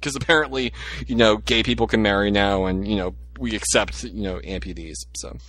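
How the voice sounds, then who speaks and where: A man's voice: fairly low pitch, fairly quick, a crowd in the background. A man co-hosting a casual fan commentary podcast, rambling through asides and laughing often. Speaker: podcast co-host.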